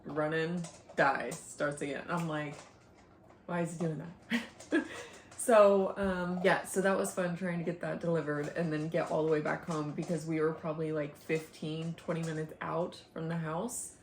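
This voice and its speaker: A young woman talks casually to her camera at home, rambling and breaking into frequent laughs. Her voice sits on the low side. The room is echoey, with a faint hiss underneath. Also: fairly even intonation, normal speed. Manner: chatty, rambling, laughs often, soft sighs. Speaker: vlogger, stay-at-home mom. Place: home, indoors.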